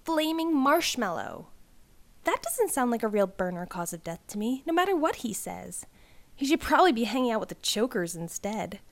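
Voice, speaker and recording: A woman's voice: a little high, big pitch swings, moderate pace. Woman doing a snarky teen girl, mocking and dismissive, storybook style. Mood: scornful. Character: snide teenage girl classmate, scornful.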